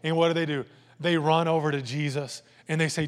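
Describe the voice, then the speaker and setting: A pastor delivers a lively, conversational sermon, dropping into playful voices and asides. His slightly high voice is clear and resonant, fairly quick, and rings out with a long reverb tail as in a large hall.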